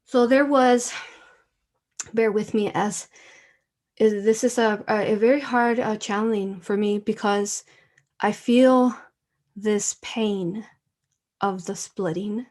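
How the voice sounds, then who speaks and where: Woman, spiritual live stream host, emotional and heartfelt, medium-pitched voice, lots of soft fillers. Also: fairly even intonation, slow pace, pauses often. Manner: emotional, tearful at times, with soft laughs and many fillers. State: tearful.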